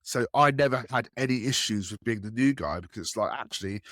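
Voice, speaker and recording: A man's voice: quick pace, no echo, studio quality. A man talking about enterprise sales on a podcast, telling stories and acting out the people in them with a raised voice. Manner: animated, acts out quotes with raised pitch. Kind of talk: casual podcast storytelling.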